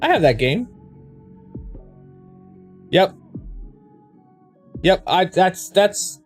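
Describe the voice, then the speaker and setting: Streamer with a lively, swooping delivery, rambling and blunt, faint music underneath. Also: medium pitch, drawn-out words, pauses often, husky. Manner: rambling, frank storyteller with swearing and restarts. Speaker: game streamer. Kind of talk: casual chat with viewers while streaming.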